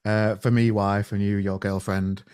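A man's voice: fairly low pitch, level tone, moderate pace, darkish tone, clean tone. A man hosting a podcast, chatty and friendly, laughing often and calling his guest mate. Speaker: podcast host. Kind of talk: casual interview chat.

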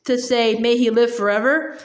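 An eager, timid young runaway boy from a storybook, earnest and a little unsure, as a woman reads him. His voice is pitched high. The room adds a clear echo. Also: steady tone, normal speed, lightly acted. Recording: roomy echo.

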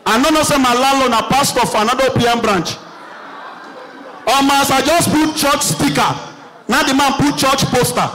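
A young man with a Nigerian Pidgin English accent doing an animated stand-up routine on a comedy stage, telling shouted stories with punchy asides. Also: extremely high pitch, low-quality recording.

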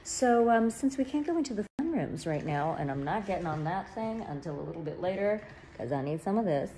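A woman's voice: lowish voice, lively intonation, a little fast, warm tone, slight background noise. A woman chatting playfully and jokingly to followers in a casual phone vlog at home. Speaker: actor taking over a social media account. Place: at home, garden and office. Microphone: phone at arm's length.

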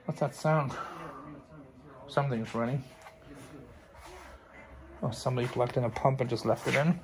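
A man's voice: mid-range voice, moderate pace, noisy background. A tired man who runs a thrift store, talking casually to his viewers with rambling, frank advice. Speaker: thrift store owner and vlogger. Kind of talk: casual talk to camera.

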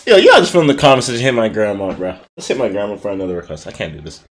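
A man's voice: fairly low pitch, sing-song, racing. A man hosting a reaction video, chatting casually with frequent laughs, slang and swearing.

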